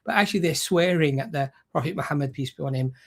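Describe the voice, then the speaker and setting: A man's voice: a little high, fast talker, creaky, fairly bright tone, slightly rough. A man speaking on an online panel discussion, arguing his point and mocking the other side. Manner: argumentative, mocking impressions.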